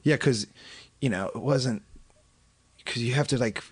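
A man's voice: mid-range voice, a little slow, husky, no echo. A young man, a stand-up comedian, telling loose rambling stories in casual podcast talk, full of fillers and swearing.

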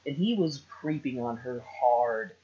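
A man with an ordinary middle pitch chats casually as a podcast co-host. He rambles, restarts and cracks jokes. The recording is a bit dull and lo-fi. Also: a little slow, mellow. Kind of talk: casual chat reviewing a film. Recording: slightly dull lo-fi sound.

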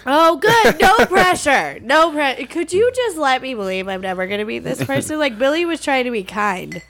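A woman chatting casually on a podcast, telling lively, giggly stories over drinks. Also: sits high, moderate pace, a little hiss or hum. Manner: giggly, animated storyteller. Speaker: podcast guest. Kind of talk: casual drinking-show banter.

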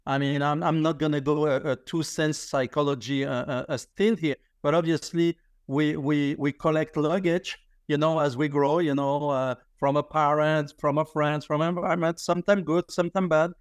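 A man in his fifties, a podcast guest telling a personal story in lively conversation, laughing often and restarting his sentences. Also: a little high, normal speed, few pauses, clear, resonant tone, dry recording, clean studio sound.

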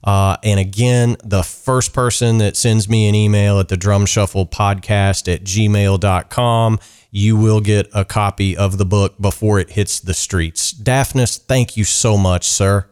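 Low-voiced, smooth-toned male podcast host. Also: steady tone, unhurried, a little mellow. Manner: upbeat, friendly, many "uh" fillers. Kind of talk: casual podcast outro and sign-off.

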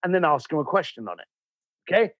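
A man speaking as a podcast guest, animated and storytelling, acting out quoted dialogue as he explains. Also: fairly high pitch, fast talker, no echo. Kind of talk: conversational podcast interview.

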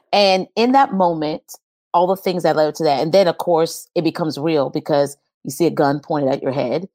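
A woman's voice: low-pitched, normal speed, a little mellow, no echo, studio quality. A woman guest telling a personal story in earnest, testimony style, in an interview.

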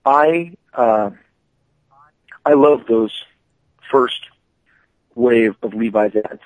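A man on a podcast as a guest, telling stories about his work in a lively, animated way, full of stammered restarts. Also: medium pitch, drawn-out words, no room sound, narrow, tinny audio. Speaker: podcast guest, comic artist. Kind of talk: casual storytelling.

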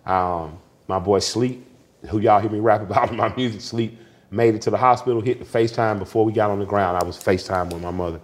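A man, a guest telling family stories candidly, swinging between laughter and quiet grief. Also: lowish voice, fast talker. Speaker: interview guest. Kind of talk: candid conversational storytelling.

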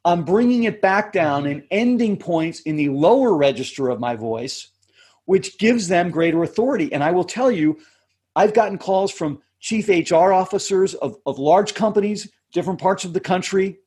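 Male coach, husky tenor, measured explanatory delivery. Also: animated, a little mellow. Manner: measured, explanatory, drops pitch to end points. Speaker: communication coach, podcast guest. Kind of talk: interview conversation.

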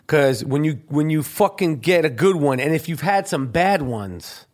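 A man's voice: fairly high pitch, normal speed. A man hosting a loose, profane podcast chat in a studio. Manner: animated, profane, laughs a lot. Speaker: podcast host.

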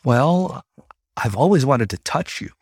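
A man's voice: medium pitch, very animated, unhurried, a little mellow, husky, dry recording, clean studio sound, voice pushed up. A man voicing a nervous young male dog-hybrid student who talks shyly and hesitantly, with stammers. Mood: bashful.

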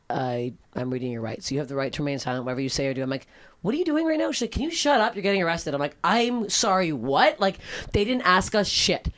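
A young woman from Canada chatting as a guest, telling stories in a lively, profane way and acting out quoted lines. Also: low-pitched. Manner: animated, profane, acts out quotes. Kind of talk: casual storytelling chat.

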